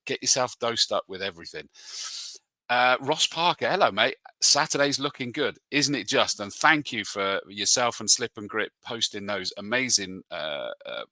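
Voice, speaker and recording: A man's voice: on the low side, expressive, moderate pace, sharp tone, dry recording. A man and motorsport commentator hosting a live show, chatting casually and reading out viewer comments in a matey way. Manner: chatty and matey, calls people mate.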